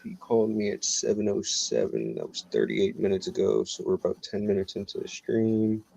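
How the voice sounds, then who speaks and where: A man's voice: lowish voice, very animated, moderate pace, gravelly, warm tone, slightly rough, low-quality recording. A man making cold calls on a casual livestream, thinking aloud in a laid-back, self-critical way. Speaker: real estate wholesaler making cold calls.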